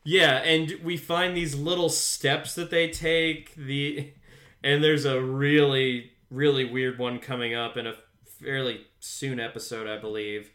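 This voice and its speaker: A man's voice: medium pitch, level tone, unhurried, fairly bright tone. A man co-hosting a casual podcast, joking bluntly and swearing freely. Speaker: podcast co-host. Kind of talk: casual rewatch podcast chat.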